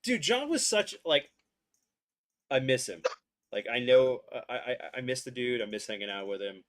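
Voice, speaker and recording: A man's voice: medium pitch, moderate pace. A man hosting a podcast livestream, chatting casually, greeting viewers and commenting on a game. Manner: relaxed, greets chat, laughs often.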